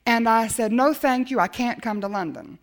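Middle-aged woman preaching, tells her story with acted-out bits, voice a little high. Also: moderate pace. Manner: animated storytelling, acts out dialogue. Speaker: speaker telling a faith story. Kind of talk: sermon storytelling.

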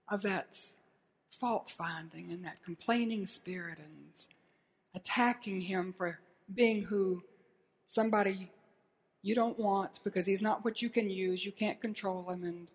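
A woman preaching a sermon in an earnest way, asking her listeners pointed questions and retelling scenes dramatically. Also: mid-range voice.

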